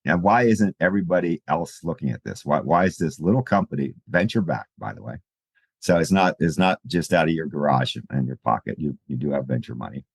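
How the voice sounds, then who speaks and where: A man hosting a podcast interview, asking questions in a halting way and repeating words as he goes. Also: a bass voice, lively intonation, creaky, slightly rough, no room sound. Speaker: podcast host.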